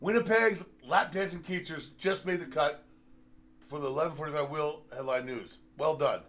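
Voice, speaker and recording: A man with a rather high-pitched voice rants angrily, swearing often and mocking what he reads aloud. He trails off into filler sounds between outbursts, and the result is a rambling, sarcastic monologue. He speaks from indoors at a computer. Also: moderate pace, fairly bright tone. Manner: profane, heated, sarcastic, rambling with many fillers. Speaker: host. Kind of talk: angry political rant.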